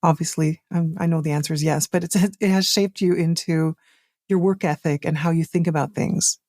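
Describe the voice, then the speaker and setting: A woman's voice: low-pitched, fairly even intonation, normal speed, a little mellow, dry recording, studio quality. A woman hosting a podcast interview, asking curious questions and affirming her guest. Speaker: podcast host.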